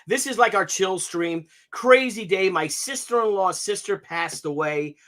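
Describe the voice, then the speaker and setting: A man's voice: sits high, measured pace. A man in his fifties hosting a casual live stream, joking and telling anecdotes. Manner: jokey, animated, tells gags and anecdotes. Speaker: stream host.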